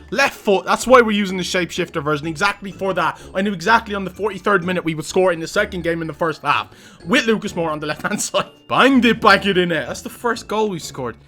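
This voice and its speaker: A young man, commentating his own football video game play with excitable outbursts and banter. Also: high-pitched. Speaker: gaming YouTuber. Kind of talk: live gameplay commentary.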